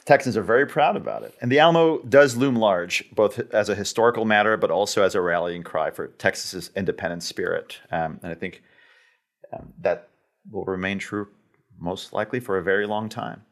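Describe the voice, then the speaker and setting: A man's voice: lowish voice, brisk. A man who is an attorney, appearing as a podcast guest and talking in an upbeat, casual way.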